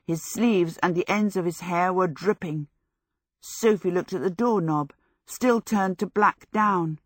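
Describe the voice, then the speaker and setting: A woman narrating a storybook in a low, measured voice. The sound is close and dry, with no room around it, and she keeps a steady storytelling rhythm. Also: no room sound. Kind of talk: audiobook narration.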